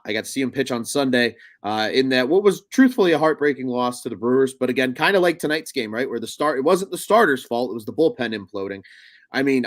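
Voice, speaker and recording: A man's voice: medium pitch, dry recording. A young adult man co-hosting a casual sports talk show, chatty and rambling, with lots of fillers and restarts. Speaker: podcast co-host.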